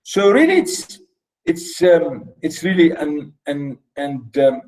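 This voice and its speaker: Man, literature lecturer, slow and halting, fairly high voice, counts syllables aloud. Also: sing-song, a little mellow, rough recording. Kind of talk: classroom lecture. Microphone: recorded lecture.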